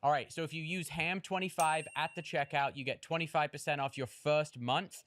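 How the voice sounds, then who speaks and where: A man's voice: fairly high pitch, fairly even intonation, moderate pace, fairly bright tone. A man co-hosting a family podcast, joking and rambling through plugs and chat. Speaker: podcast co-host.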